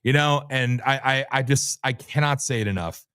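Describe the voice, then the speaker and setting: A man hosting a livestream, delivering loud, brash, sarcastic commentary laced with profanity. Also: mid-range voice, normal speed, clean tone, no room sound, clean studio sound. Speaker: livestream host. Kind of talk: ranting commentary.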